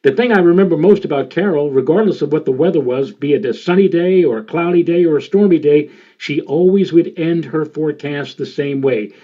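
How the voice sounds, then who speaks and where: A man in his sixties from the New York area, a meteorologist telling stories in a presentation and filling his pauses with many "uh"s. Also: on the high side. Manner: rambling, with many filler sounds. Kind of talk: storytelling presentation. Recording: dull lo-fi sound.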